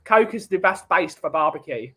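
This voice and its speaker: A man hosting a laid-back podcast, telling rambling jokey stories. His voice sits a little high for a man. He talks in a loose, chatty way. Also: animated, moderate pace, sharp tone, husky. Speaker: podcast host. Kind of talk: casual chat.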